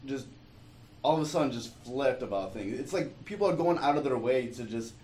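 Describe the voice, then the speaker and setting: A man from Detroit chatting casually in a thoughtful, laid-back way, pausing often with fillers. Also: medium pitch, animated, darkish tone, roomy sound, a little hiss or hum, poor audio. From Detroit, USA. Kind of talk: casual chat.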